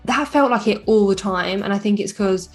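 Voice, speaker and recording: A woman's voice: medium pitch, moderate pace, soft background music. A young woman chatting frankly and a little wearily to camera in a casual vlog. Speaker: vlogger. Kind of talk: casual chat.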